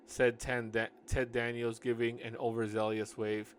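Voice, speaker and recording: Here a man reads his novel out loud with loose humor and a stream of asides, repeatedly stopping to tease and quarrel with his own writing and revise himself. His voice sits in the middle range, the delivery flat and unhurried, and a little hiss or hum runs underneath.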